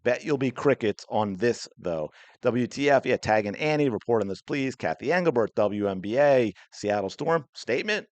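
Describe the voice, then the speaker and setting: A man's voice: mid-range voice, expressive, normal speed, no echo. A man hosting a sports podcast, delivering heated, indignant commentary in an angry rant. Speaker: podcast host.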